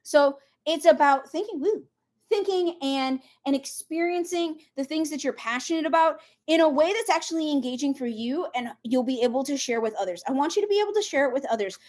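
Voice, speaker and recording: A high-pitched woman from Minnesota chats through a tarot reading on a casual livestream, brisk, animated and talkative. She rambles freely and keeps veering into side stories.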